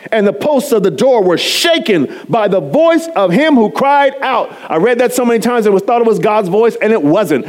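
A man preaching a sermon, animated and chatty, often laughing and poking fun at himself as he talks to the congregation. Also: sits high, moderate pace, few pauses. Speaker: pastor.

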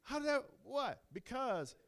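A middle-aged man preaching a sermon in a conversational way, moving between quiet asides and loud, emphatic lines. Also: extremely high pitch, sing-song, measured pace, gravelly. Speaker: pastor.

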